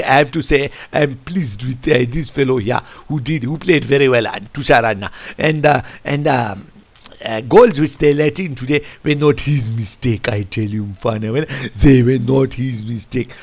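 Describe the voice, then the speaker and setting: A man coaching football, reviewing a match over a tactics board in an animated, rambling way. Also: medium pitch, normal speed. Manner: animated, rambling, keeps saying "I tell you". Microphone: computer mic. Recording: lo-fi screen recording.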